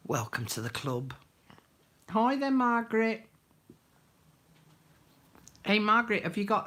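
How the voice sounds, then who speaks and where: An older woman with a low voice chats casually as she hosts a crafting live stream. She greets viewers one by one and slips into soft, half-whispered murmurs while she works with her hands.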